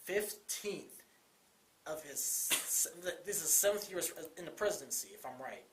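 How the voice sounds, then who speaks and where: A man's voice: a little high, animated, a little slow, background noise. Young man, college co-host, impassioned and repetitive, roomy echo. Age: young adult. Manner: urgent, repetitive, rising to pleading. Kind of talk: impassioned commentary.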